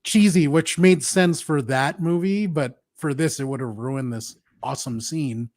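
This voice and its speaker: A man hosting a casual film review chat, opinionated and quick to laugh. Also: a little high, darkish tone, dry recording. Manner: laughs often, opinionated and chatty. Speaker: podcast host.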